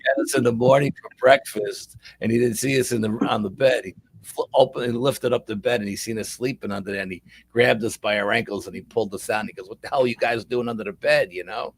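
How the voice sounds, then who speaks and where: A man's voice: fairly low pitch, fairly even intonation, quick pace, breathy edge, no echo. A middle-aged man, a paranormal investigator telling a long rambling story in a casual interview, repeating words as he goes.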